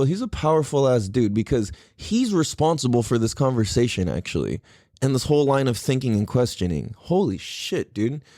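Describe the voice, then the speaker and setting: A man in his thirties hosting a podcast, talking in an excitable, rambling way and swearing freely. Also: fairly high pitch, no echo, clean studio sound. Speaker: podcast host. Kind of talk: casual solo podcast talk.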